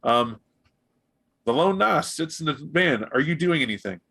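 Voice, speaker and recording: A man narrating as game master of a tabletop role-playing game, animated and jumping into characters' voices. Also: a little high, a little slow, creaky, breathy edge. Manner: animated, voices gang members in bursts.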